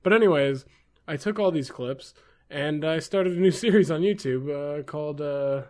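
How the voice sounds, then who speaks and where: A man's voice: a little high, moderate pace, a little mellow. A young man hosting a podcast in casual chat, talking in loose, rambling sentences and swearing often. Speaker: podcast host.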